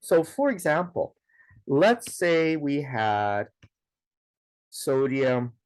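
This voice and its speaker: A man's voice: a little high, very animated, extremely slow, dry recording. A man teaching a science lesson, explaining step by step in a patient way, with a lot of "okay" and "now". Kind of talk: recorded classroom lesson.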